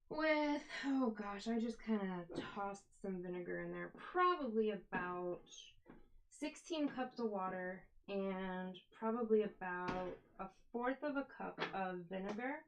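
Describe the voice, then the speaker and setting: A woman's voice: mid-range voice, slight background noise, low-quality recording. A woman hosting a casual live stream from home, chatting and greeting viewers by name while she dyes yarn. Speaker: livestream host dyeing yarn.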